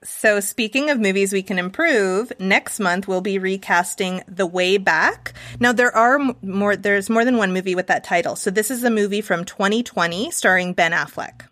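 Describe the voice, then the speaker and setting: A woman's voice: mid-range voice, normal speed, hardly any pauses, a bit bright, no echo. A woman with a Canadian accent co-hosting a movie podcast, leading the segments and laughing often. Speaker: podcast co-host. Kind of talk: casual chat.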